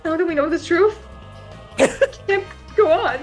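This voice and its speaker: A woman chatting in an animated, joking way while playing a story game with friends. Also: very high voice, unhurried, faint music behind. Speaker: co-host, game player. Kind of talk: casual let's-play chat.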